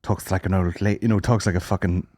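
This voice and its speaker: A young Northern Irish man co-hosting a podcast, telling animated, sweary stories in casual chat. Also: low voice, fast talker, no room sound. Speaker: podcast co-host.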